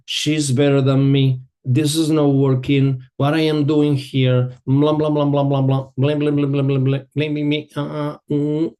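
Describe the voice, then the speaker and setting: Man with a soft, dark voice teaching yoga. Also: mid-range voice. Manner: relaxed, searching for words, non-native phrasing. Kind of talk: teaching a group, telling a personal story.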